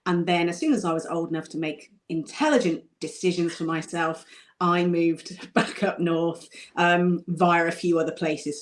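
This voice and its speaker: A woman who grew up in Somerset talks as a guest author in a casual interview. Her voice sits a little low, and she speaks in an easygoing, self-deprecating way with light laughs. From Somerset, England.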